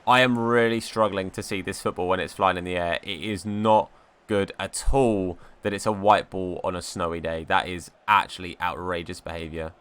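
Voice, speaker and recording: A man's voice: low-pitched, fairly even intonation, moderate pace, a bit bright, smooth. A young man giving chatty, playful commentary over a football video game, with mock outrage and banter. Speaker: gaming YouTuber.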